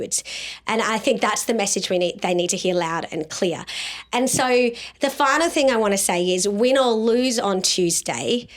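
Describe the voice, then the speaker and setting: Woman, vlog host, medium pitch; earnest, urgent rallying appeal to her audience, frequent ums and restarts. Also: moderate pace. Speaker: activist host. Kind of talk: direct-to-camera appeal.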